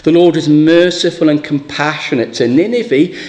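A man's voice: on the high side, normal speed, few pauses, a little mellow. A man preaching a sermon, asking rhetorical questions and voicing scripture dramatically.

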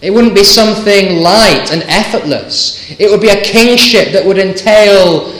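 A man delivers an evening sermon in a slow, deliberate cadence, leaning on emphatic repetition and rhetorical questions. His voice sits slightly high for a man, and the sound carries a roomy echo. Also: fairly bright tone. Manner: earnest, emphatic, with stammered restarts and rhetorical questions. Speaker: preacher.

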